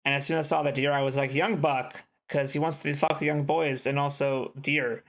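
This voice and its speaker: A man with a fairly high voice co-hosts a casual podcast. He rambles through film plots in an animated, offhand way and slips in quick quoted lines as he goes. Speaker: podcast co-host. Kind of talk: casual chat.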